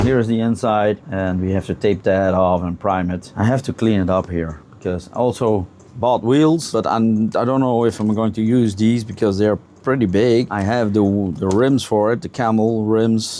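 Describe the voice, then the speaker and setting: A man casually showing his model truck build in a home workshop, talking in a halting way as he searches for words. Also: on the low side, darkish tone, a little hiss or hum. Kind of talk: casual vlog walkthrough. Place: home workshop with a spray booth.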